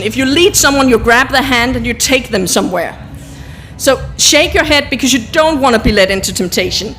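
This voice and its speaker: A woman, speaking at a panel and teaching a prayer in sign language slowly and deliberately, with many fillers. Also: a little high, a bit bright, a little hiss or hum. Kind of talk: live talk teaching a prayer in signs. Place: outdoor public event.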